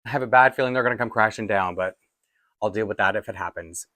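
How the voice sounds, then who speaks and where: A man's voice: fairly low pitch, quick pace, pushed and bright, dry recording. A man, from Toronto, chatting casually in a rambling, self-deprecating way as a doll collector vlogger. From Toronto, Canada. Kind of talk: casual chat.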